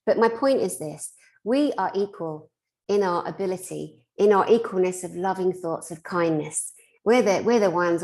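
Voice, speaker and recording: A woman's voice: fairly low pitch, darkish tone. A Scottish woman, a spiritual therapist, giving a heartfelt motivational talk in a blunt, impassioned way with mild swearing.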